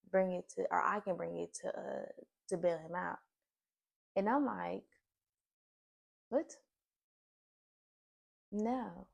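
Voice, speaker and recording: A woman telling a personal story in a casual vlog, blunt and profane, with animated retelling. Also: lowish voice, gravelly.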